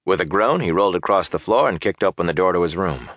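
A man's voice: sits low, expressive, fast talker, few pauses, fairly bright tone, no echo, clean studio sound. Diepe, droge vertellersstem van een man. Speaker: audiobook narrator. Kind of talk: scripted fantasy narration.

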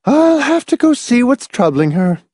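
A man voicing a fussy, vacant middle-aged woman hostess in a high, flustered voice. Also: very animated, normal speed, mellow, no room sound, clean studio sound, full character voice. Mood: fluttery.

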